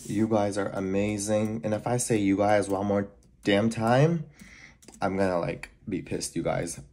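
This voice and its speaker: A man's voice: lowish voice, darkish tone. A young man vlogging casually from his apartment kitchen, chatty and rambling, keeps saying "you guys". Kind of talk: casual vlog chat to camera.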